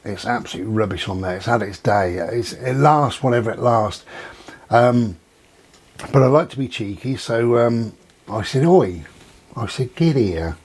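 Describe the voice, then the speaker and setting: A man's voice: mid-range voice, normal speed. A man talking casually to camera, telling rambling anecdotes and acting out what he and others said. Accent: not local to Dorset. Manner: chatty storyteller, acts out quoted exchanges. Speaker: vlogger. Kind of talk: casual monologue.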